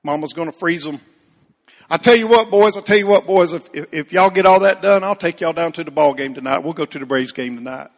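A man's voice: on the high side, a little fast, in a large hall, natural voice. A man quoting his father as a firm, practical middle-aged dad, in a drawling matter-of-fact voice.

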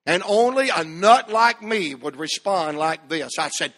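Male pastor, high bright voice, slow deliberate delivery, emphatic repetitive sermon cadence, reverberant church hall. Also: expressive. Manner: emphatic preaching, repetitive cadence building to loud peaks. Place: church sanctuary.

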